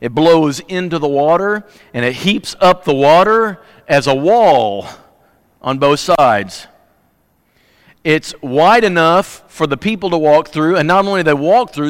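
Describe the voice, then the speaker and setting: An emphatic, folksy man preaches in a church, swinging from loud, punchy bursts to low, quiet asides. His voice sits fairly high for a man. A long hall reverb trails after each phrase. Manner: folksy, humorous. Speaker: pastor. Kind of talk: sermon.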